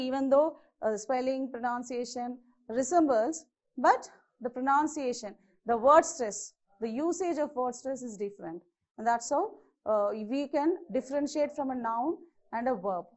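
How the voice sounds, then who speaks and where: A woman teaching a grammar lesson, repeating example words and checking in with "okay" after each point. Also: sits high. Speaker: English teacher. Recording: slightly dull lo-fi lesson audio.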